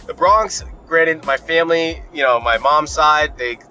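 A man's voice: fairly high pitch, measured pace, bright, forceful tone, muffled recording, soft background music. A young man hosting a podcast, ranting in a casual, profane, rambling and opinionated way. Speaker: podcast host.

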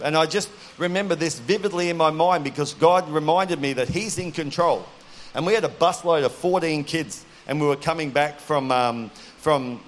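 A middle-aged man delivers a sermon in an earnest, direct way, weaving personal stories into it. His voice sits slightly high for a man. He talks straight to the audience and asks them questions. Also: a little hiss or hum. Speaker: preacher.

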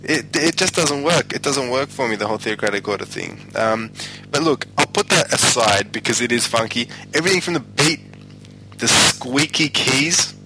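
Male host of a music review show, bright voice, rambling, laughs easily. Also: medium pitch, expressive, moderate pace, a little hiss or hum, poor audio. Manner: rambling, laughing, loses his thread. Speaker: podcast host. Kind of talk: casual music review chat.

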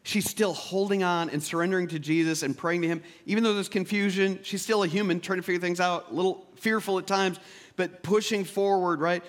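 A man preaching a sermon as pastor, swinging between loud emphatic peaks and quiet, intimate asides. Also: high-pitched, steady tone, brisk.

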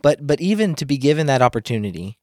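A man's voice: mid-range voice, sing-song, fast talker, a little mellow, no echo, clean studio sound. A man hosting an interview, giving brief replies and asking thoughtful follow-up questions. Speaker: host.

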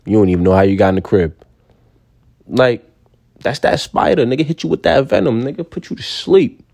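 A young man ranting casually in slang, given to sudden high-pitched outbursts. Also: warm tone. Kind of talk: casual rant to camera.

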